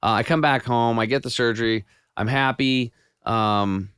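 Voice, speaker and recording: A man guest on a podcast, telling his health story in a casual, animated way with many restarts. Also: mid-range voice, moderate pace, clean tone, no echo, studio quality. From United States. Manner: animated storyteller with frequent restarts and quoted self-talk.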